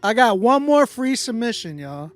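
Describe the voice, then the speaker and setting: A man hosting a casual livestream, chatting with viewers in slang and often trailing off into quiet mumbles. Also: very high voice, big pitch swings, normal speed, soft background music. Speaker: livestream host running a song battle.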